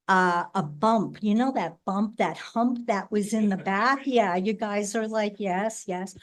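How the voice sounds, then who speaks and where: A woman in her sixties from New Jersey telling family stories at a memorial, chatty and laughing, often adding "right?" to her sentences. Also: medium pitch. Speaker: sibling speaking at a memorial. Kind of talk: memorial tribute, personal storytelling.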